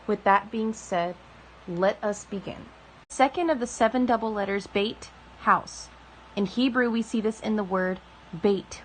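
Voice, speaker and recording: A woman reading a religious book aloud in a soft, slow, deliberate way, drawing out key words. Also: medium pitch, slight background noise, poor audio. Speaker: reader of a spiritual text.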